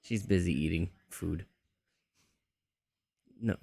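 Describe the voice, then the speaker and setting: Low gravelly man tweaking his mic. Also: slow pace, dark tone, dry recording. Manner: muttering to himself while tweaking mic settings. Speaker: livestream host. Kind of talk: casual streaming chat.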